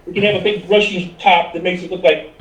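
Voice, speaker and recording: A man eagerly describing his character's moves in a tabletop game. His voice is noticeably high. The sound is distant and echoey. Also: steady tone, fast, a bit bright. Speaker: player. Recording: roomy distant mic.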